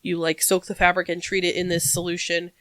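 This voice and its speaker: A woman co-hosting a podcast in casual chat, talking in a rambling way with frequent pauses. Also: lowish voice, monotone, a bit bright. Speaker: podcast co-host.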